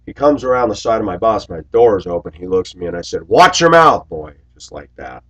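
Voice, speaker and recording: A man in his forties telling stories in a rambling monologue to his viewers, raising his voice loudly when he acts out what people said. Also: low voice, animated, quick pace, dull audio. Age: 40s. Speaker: video blogger. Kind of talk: casual monologue to camera.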